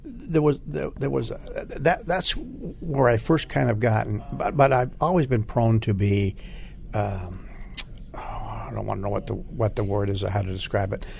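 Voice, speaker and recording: An older man, a former Marine recruit, recalling boot camp in an interview with halting speech and many restarts. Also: fairly low pitch, vocal fry, darkish tone, slight background noise. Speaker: Marine Corps veteran interviewee. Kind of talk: oral history interview.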